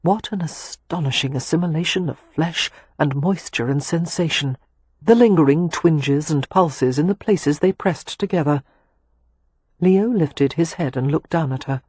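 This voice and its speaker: A man narrating a romance audiobook in a slow, intimate reading. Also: on the high side, darkish tone, breathy edge, no room sound. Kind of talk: scripted narration.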